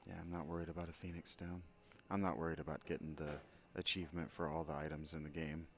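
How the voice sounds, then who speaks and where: A man casually commenting while playing a video game, soft-spoken and reflective. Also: extremely low pitch, level tone, fast. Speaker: game streamer. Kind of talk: casual let's-play commentary.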